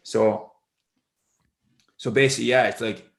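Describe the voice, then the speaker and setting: A man's voice: medium pitch, steady tone, measured pace, gravelly. A man co-hosting a podcast who explains ideas thoughtfully, restarting often as he builds his argument. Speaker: podcast co-host. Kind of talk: explanatory conversation.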